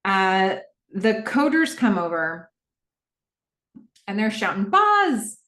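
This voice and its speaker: A woman hosting a podcast, recapping a TV episode in a casual, animated way and quickly acting out the characters' lines. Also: mid-range voice, echoey room. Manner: animated retelling with quick quoted voices of characters.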